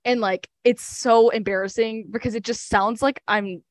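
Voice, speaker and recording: A woman's voice: on the high side, steady tone, moderate pace, no room sound, studio quality. A young woman co-hosting a podcast in casual chat, rambling with lots of fillers. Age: young adult. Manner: chatty, fillers, laughs often. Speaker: podcast co-host.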